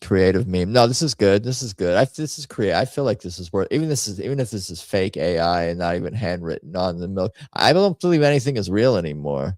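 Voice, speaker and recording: A man's voice: sits low, expressive, brisk, few pauses, a little mellow, dry recording. A man hosting a casual livestream, rambling through memes with wry asides and frequent restarts. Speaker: host.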